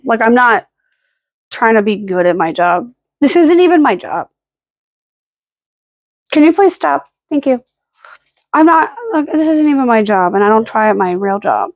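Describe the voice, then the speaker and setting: A woman's voice: mid-range voice, animated, normal speed, no echo. A woman rambling through a casual vlog, self-deprecating and full of "like" and "um" fillers, filming herself at home with the camera held at arm's length. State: hiccuping and burping. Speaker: vlogger.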